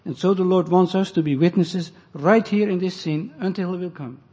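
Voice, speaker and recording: Husky-voiced man preaching in a hall. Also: sits high, dark tone. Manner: deliberate, explaining scripture and Greek and Hebrew words. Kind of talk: expository sermon. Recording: muffled, echoey hall recording.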